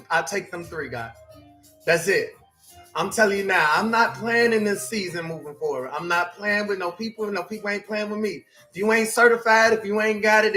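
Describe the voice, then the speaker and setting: A man preaching a motivational sermon as a life coach, swinging between shouting and quiet, repeating himself. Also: high voice. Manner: preachy, shifts between shouting and hushed, repetitive. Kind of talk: sermon-style motivational talk.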